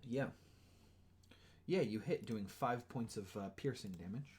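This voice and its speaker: A man's voice: medium pitch, measured pace, a little mellow, a little hiss or hum. A man running a tabletop game as game master, casual and apologetic, with many fillers.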